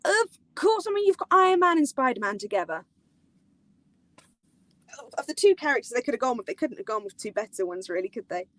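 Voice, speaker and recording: A woman hosting a casual live-stream chat, excitable and rambling, giggling often and using lots of fillers. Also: a little high, a little fast, pauses often, no echo, low-quality recording. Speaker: host of a live theme park chat.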